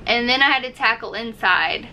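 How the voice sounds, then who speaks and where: A woman's voice: on the high side, moderate pace, pushed and bright, slight background noise, low-quality recording. A woman vlogger casually telling a story to camera, acting out her own reactions as she goes. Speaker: RV-living vlogger.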